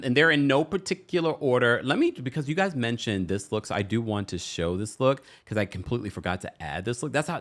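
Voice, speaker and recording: A man's voice: medium pitch, a bit bright. A man, hosting a casual livestream, chatting, laughing and reading viewer comments aloud. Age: 40s. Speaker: host.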